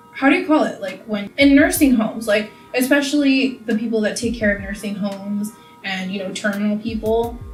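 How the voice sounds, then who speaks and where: A young woman from California, chatting casually and rambling while doing her makeup, full of "like" and "you know.". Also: medium pitch. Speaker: beauty vlogger. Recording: echoey room, camera mic from a distance.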